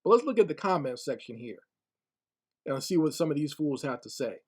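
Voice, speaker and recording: A man's voice: on the high side, sing-song, a little fast. A man giving casual spoken commentary online, blunt and scornful, often repeating words as he gathers his thoughts.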